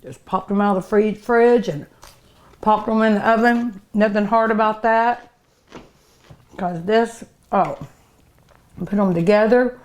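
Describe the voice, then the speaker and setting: Unhurried middle-aged woman, cooking show host, tasting and humming. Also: mid-range voice, steady tone, darkish tone. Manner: savoring food aloud with many hums.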